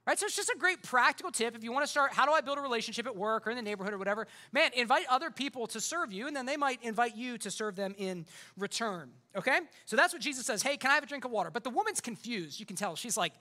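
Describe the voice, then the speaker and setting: Male pastor, sermon delivery: quick, bright, impassioned and conversational, leaning on rhetorical repetition. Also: very high-pitched, animated.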